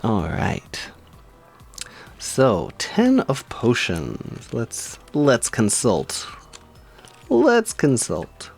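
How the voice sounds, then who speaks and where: A man's voice: mid-range voice, huge pitch swings, drawn-out words, vocal fry, faint music behind. Giggly, rambling male streamer. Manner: giggly and rambling, with frequent laughs. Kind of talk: casual live-stream chat with tarot reading.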